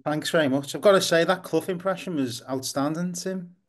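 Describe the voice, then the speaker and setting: A man's voice: on the high side, fairly quick. A man, a football writer, as a guest in a casual podcast interview, explaining at length and restarting often.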